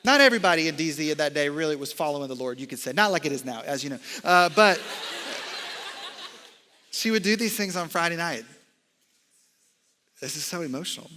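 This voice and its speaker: This college ministry director preaches in a bright, forceful voice set a little high, moving fairly quickly but leaving long pauses. He turns animated and wanders into jokes and unscripted tangents. His stage mic rings with long reverb across a big church hall, under a faint hiss or hum.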